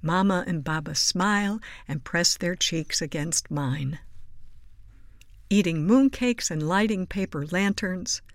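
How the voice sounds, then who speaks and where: A woman reading children's picture books aloud in a gentle, soothing storybook voice, sometimes dropping to a whisper. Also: lowish voice, no echo. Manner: soft, slow and soothing, dropping to a whisper at times. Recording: dry close mic with faint music behind.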